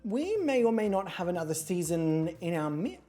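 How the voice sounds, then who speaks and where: A woman chatting on her livestream as host of an online model competition, jokey and prone to squealing high voices. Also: sing-song, normal speed, dark tone, soft background music. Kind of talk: casual livestream chat. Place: home streaming setup with a pet nearby.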